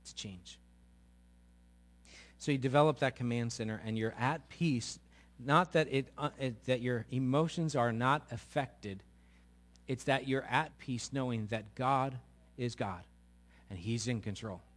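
A man's voice: mid-range voice, unhurried, pauses often. A male pastor giving a sermon in a conversational, storytelling way with emphatic asides.

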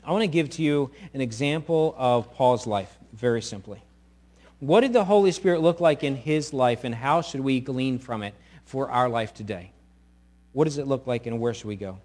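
A middle-aged male pastor preaching a sermon, animated and sometimes acting out quoted voices loudly. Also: medium pitch, moderate pace.

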